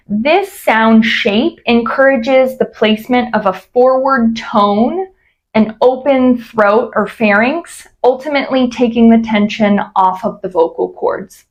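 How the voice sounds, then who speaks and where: A woman coaching vocal exercises, explaining clearly and demonstrating glides. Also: fairly high pitch. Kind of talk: instructional voice exercise lesson.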